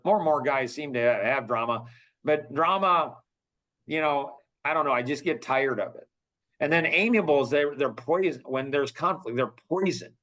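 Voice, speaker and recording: An older man hosts a casual podcast, speaking emphatically and swinging between loud bursts and hushed asides. His voice is fairly high in pitch.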